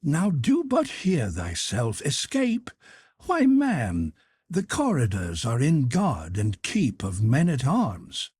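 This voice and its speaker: A man voicing a timid, frightened young male page in a high, pleading voice, in an audiobook reading. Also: wildly swooping pitch, slow, darkish tone, slightly rough, no echo, studio quality, full character voice. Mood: anxious.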